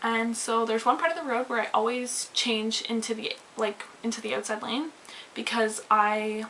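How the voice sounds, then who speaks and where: Woman vlogger, bright higher voice, animated profane storytime rant, faint hiss. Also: normal speed, low-quality recording. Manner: animated, swearing, rambling with many "like"s. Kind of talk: casual storytime rant to camera.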